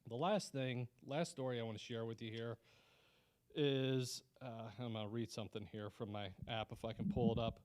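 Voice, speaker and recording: A man's voice: mid-range voice, steady tone, normal speed, darkish tone, clear, resonant tone. A man giving a personal testimony as guest speaker at a Christian lunch meeting, telling his story in an earnest, conversational way with frequent restarts.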